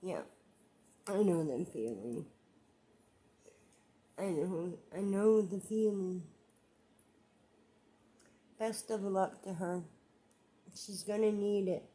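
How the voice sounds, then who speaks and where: A woman's voice: medium pitch, slow pace, long pauses, dark tone. A woman vlogging about her own life in a rambling, emotional monologue, repeating herself as she gets frustrated. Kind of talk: emotional personal vlog monologue.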